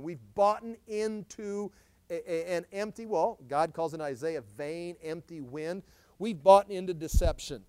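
A man preaching verse by verse through a Bible passage, reading the scripture with rising emphasis and then explaining it in a lower, conversational tone with fillers and restarts. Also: unhurried, warm tone, smooth, dry recording. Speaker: pastor.

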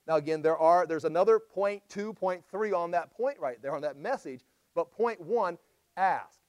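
A man's voice: sits high, moderate pace, darkish tone, no room sound. A man preaching a sermon as a pastor, emphatic and full of rhetorical questions.

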